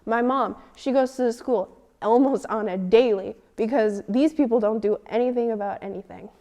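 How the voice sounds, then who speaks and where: A teenage girl telling a personal story in an interview, animated and indignant, acting out the dialogue. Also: fairly high pitch, normal speed. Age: teens. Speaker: student interviewee.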